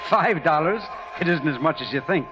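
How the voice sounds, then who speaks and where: A man's voice: fairly high pitch, expressive, normal speed, natural voice. An actor playing a fatherly, reassuring ship captain, in 1940s radio acting. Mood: kindly. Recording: dull old radio recording.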